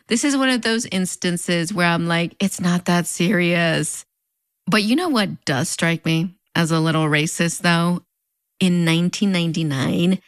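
A woman's voice: fairly low pitch, no room sound, clean studio sound. A woman with a fronterizo border accent, narrating a scripted video essay in a wry, conversational way with playful sarcastic asides. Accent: fronterizo Mexican border Spanish-influenced English.

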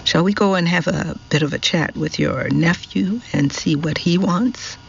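A man voicing Brian, a cheerful middle-aged male volunteer who talks in a casual, unhurried, matter-of-fact way. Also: fairly high pitch, vocal fry, highs cut off, slight background noise. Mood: easygoing.

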